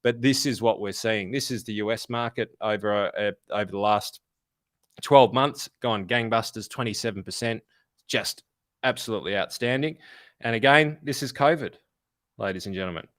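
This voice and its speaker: A man's voice: on the low side, moderate pace, a bit bright, no room sound, clean studio sound. An Australian man co-hosting a finance podcast, talking bluntly and swearing freely in casual chat. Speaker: podcast co-host.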